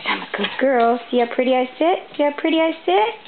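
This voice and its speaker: A woman's voice: sits high, very animated, brisk, vocal fry, background noise, exaggerated voice. A woman voicing her pet dog as a sweet, eager girl pleading with her owner in childlike baby-talk, on a tinny home video.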